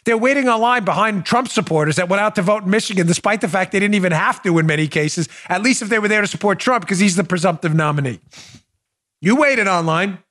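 A man's voice: high-pitched, quick pace, a bit bright. A man hosting a political talk show, mocking and theatrical, often breaking into laughter as he jokes with his producer. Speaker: show host.

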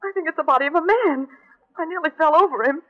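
A woman's voice: high-pitched, lightly acted. A woman playing a spirited young American woman. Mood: tense. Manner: quick and spirited. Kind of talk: 1940s radio drama acting. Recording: dull lo-fi 1940s radio broadcast.

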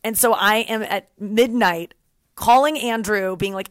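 A woman in her thirties hosts a podcast and tells a long personal story, jumping up high whenever she acts out what someone said. Her voice sits at an ordinary middle pitch. It is recorded close and dry, with no room sound. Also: measured pace, no room sound. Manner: animated, acts out quoted voices. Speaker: podcast host. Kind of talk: casual storytelling.

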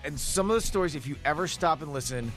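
A man's voice: a little high, expressive, a bit bright. Upbeat man radio co-host over guitar. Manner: quick quips and upbeat show prompts. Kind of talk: casual radio chat.

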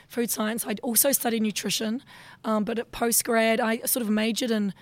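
A woman from New Zealand with a husky, strained voice and a New Zealand accent, chatting as an interview guest in a self-deprecating way. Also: on the high side, steady tone, fairly quick, no room sound. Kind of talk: casual chat.

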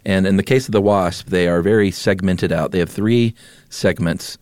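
A man with a low, deep voice co-hosts a podcast, explaining facts in a laid-back, joking way. The sound is dry and close on a studio microphone. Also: moderate pace, a little mellow, dry recording. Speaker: podcast co-host. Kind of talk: casual chat.

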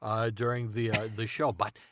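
A man improvising absurd comedy in a rambling, deadpan way, full of ums and uhs. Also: lowish voice, moderate pace, slight background noise.

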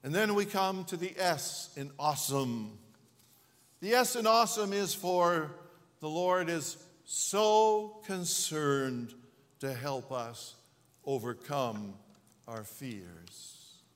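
A male pastor delivers a sermon at an unhurried pace, letting his phrases swell and then fall away into pauses. His voice sits a little high for a man. The sound carries a long reverb, as if in a large church hall. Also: animated, fairly bright tone. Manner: slow, deliberate preaching with dramatic pauses and swells.

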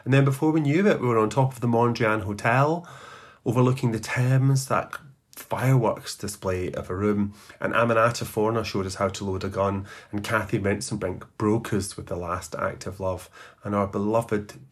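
A man, founder and host of a literary podcast, fondly looking back in a chatty, nostalgic monologue full of asides. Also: lowish voice. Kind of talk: reflective farewell monologue.

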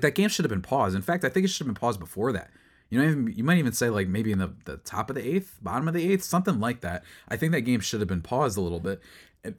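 A young man hosting a solo sports recap, rambling and exasperated, building to loud outbursts. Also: lowish voice. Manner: rambling with fillers and restarts. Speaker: sports podcast host.

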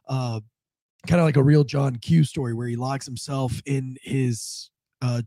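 A man's voice: medium pitch, dark tone, no room sound. A man hosting a casual news commentary show with a stuffed-up head cold, rambling with many fillers and restarts. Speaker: host.

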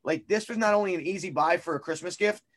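Male co-host, high voice, casual rambling chat full of fillers. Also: fast, fairly bright tone. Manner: rambling, hesitant, many fillers and restarts. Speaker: podcast co-host.

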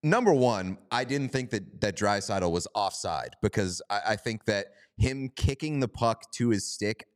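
A man co-hosting a sports podcast in casual chat, with a fairly low voice that stays smooth and resonant. He laughs easily and gives his opinions firmly. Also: expressive, measured pace, few pauses. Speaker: podcast co-host.

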